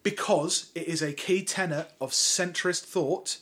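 A man co-hosting a podcast in casual chat, animated and sardonic, talking in long run-on sentences. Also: a little high, measured pace. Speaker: podcast co-host.

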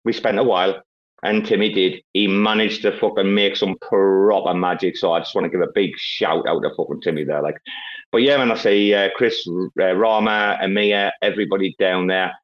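A man's voice: low voice, fairly even intonation, normal speed, highs cut off. A man hosting a casual online chat, boisterous and rambling, with heavy swearing. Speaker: host.

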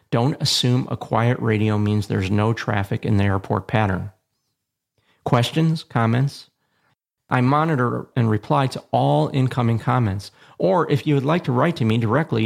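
A man hosting an instructional show on aviation radio communication, reading a measured, plain script with a dry touch of humor. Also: mid-range voice, gravelly. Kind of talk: scripted educational narration.

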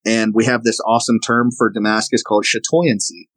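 A man's voice: lowish voice, level tone, a little fast, no room sound, rough recording. A man from the American South, a knife maker guest, explaining and showing his work in a casual interview. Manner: explanatory, demonstrating objects as he talks.

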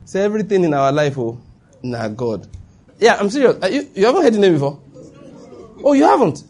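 A man's voice: high-pitched, very animated, fast talker, a little mellow. A man giving a conversational sermon, full of asides and rhetorical questions. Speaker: preacher.

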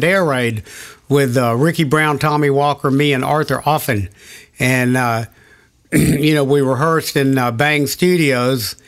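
An older man recalling past recording sessions in an oral history interview, rambling and searching for names. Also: on the high side.

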